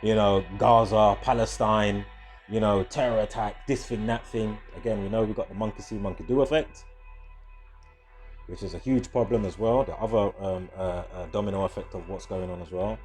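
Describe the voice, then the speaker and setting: Guy rambling on his channel, swears a lot, low mellow voice, faint music in the back. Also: steady tone, moderate pace. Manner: rambling, profane, laughs often, self-correcting. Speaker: video host. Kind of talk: casual monologue.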